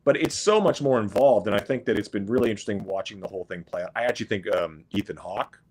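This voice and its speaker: A man's voice: fairly low pitch, fast, darkish tone. A man talking as a guest in a casual chat, rambling and repeating his words. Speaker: guest musician.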